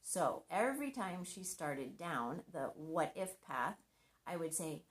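A middle-aged woman speaks in a fairly low voice, giving a scripted devotional talk on marriage. She sounds earnest and conversational, with gentle humor. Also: animated, normal speed.

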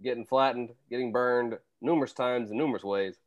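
A man's voice: mid-range voice, fairly quick, highs cut off. A man describing cartoon scenes in casual chat, rambling and restarting his sentences. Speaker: podcast co-host.

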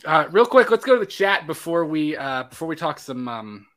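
A man's voice: a little high, very animated, moderate pace, a bit bright, a little hiss or hum. A man hosting a podcast in casual chat, upbeat and reading viewer comments aloud. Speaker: podcast host.

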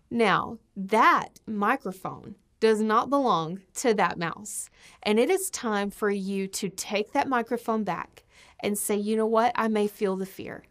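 A woman preaching a sermon with passion, her voice surging to emphatic peaks and then dropping to hushed asides. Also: mid-range voice, a little slow.

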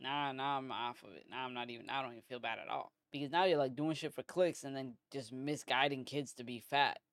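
A man's voice: mid-range voice, a little fast, a bit bright, no room sound, studio quality. A man from the US hosting a podcast, ranting casually with heavy profanity and lots of filler words. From United States. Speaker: podcast host. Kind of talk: casual commentary monologue.

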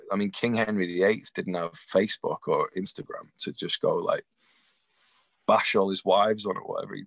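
A young man telling a rambling, animated anecdote with laughs, acting out the voices of the people in it. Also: deep voice, creaky, no echo. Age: young adult. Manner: acts out quoted voices. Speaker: guest. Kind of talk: casual storytelling.

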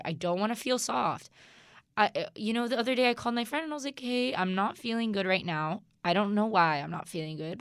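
A woman's voice: on the low side, a bit bright, smooth, no room sound, clean studio sound. A young adult woman hosting her own podcast, talking in a rambling, candid way and often swearing and laughing. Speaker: podcast host. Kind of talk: casual solo podcast talk.

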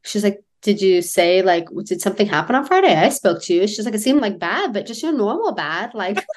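This is a woman co-hosting a casual podcast. She talks candidly about hard times, with a dry, self-mocking turn and frequent laughter. Her voice sits at an ordinary middle pitch. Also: big pitch swings, a little fast, few pauses. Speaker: podcast co-host.

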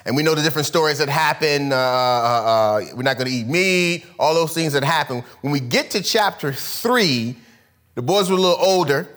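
A man delivers a sermon as an energetic storyteller, slipping into casual slang as he retells the story. His voice sits a little high for a man and swings widely in pitch. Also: normal speed. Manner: animated storytelling, acts out characters in casual slang. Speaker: preacher.

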